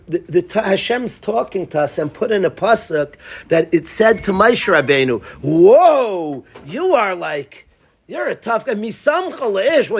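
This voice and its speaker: A man giving a casual Torah class, animated and acting out the lines he quotes. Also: high voice, husky. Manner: animated, acts out quoted lines, restarts often. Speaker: Torah teacher.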